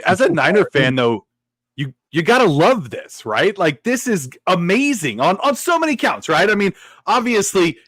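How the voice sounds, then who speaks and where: Lively male fan-host, high voice that leaps around, dry close sound. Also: no echo. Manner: excitable, gleeful. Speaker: podcast co-host. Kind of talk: casual sports talk.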